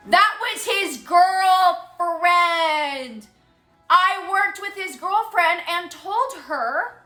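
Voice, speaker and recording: Streamer type: high, bright-voiced young woman from Texas, animated storyteller with salty language, roomy echo and faint music behind her. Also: slow pace. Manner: animated, swearing, dramatic retelling with quoted voices. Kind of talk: casual storytelling chat.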